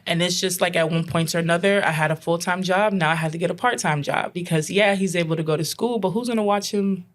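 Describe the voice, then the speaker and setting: A woman guest on a podcast, a behavioral consultant, telling a personal story in an animated way and acting out what people said. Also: lowish voice, quick pace. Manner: animated, acts out quoted dialogue, laughs often.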